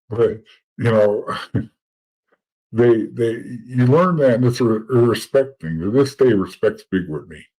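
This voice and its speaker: With a slow pace and long pauses, a middle-aged man speaks in a warm, mid-range voice over poor audio. As a podcast guest and former informant, he casually tells stories from his past, bluntly, profanely and often repeating words.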